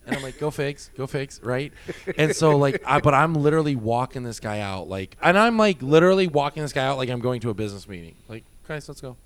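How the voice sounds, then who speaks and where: A man's voice: medium pitch, fast talker, clear, resonant tone, no echo. A man who worked as a nightclub bouncer, telling stories in a casual podcast chat, swearing often and acting out what people said. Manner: profane, animated, acts out quotes.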